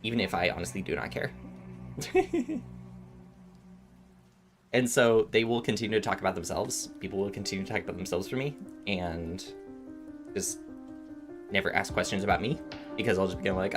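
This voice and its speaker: Music plays behind a twenty-something gamer chatting on his stream, telling meandering stories full of restarts. He has a low, sing-song voice at a moderate pace and pauses often.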